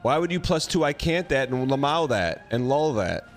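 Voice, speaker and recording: A man's voice: mid-range voice, animated. Teasing male streamer over game music. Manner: quick-witted, teasing chat readers. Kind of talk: casual live-stream chat while gaming.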